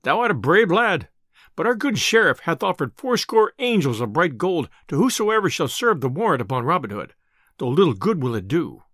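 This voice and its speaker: Sly flattering messenger, coaxing tone, fairly high voice, dry close sound, as a storyteller puts him on. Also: male voice, moderate pace, dry recording.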